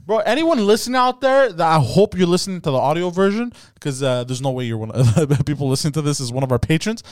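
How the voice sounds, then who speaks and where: A man co-hosting a podcast tells a story in a smooth, resonant voice, recorded dry and close. He plays out both sides of each conversation in casual, swearing banter. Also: a little high, sing-song, fast, no room sound. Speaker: podcast co-host.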